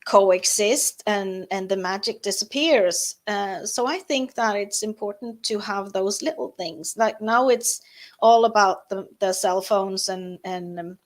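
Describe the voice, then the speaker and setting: A woman with a Norwegian accent, a guest in a live interview, talking softly and hesitantly with many fillers and restarts. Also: medium pitch, unhurried.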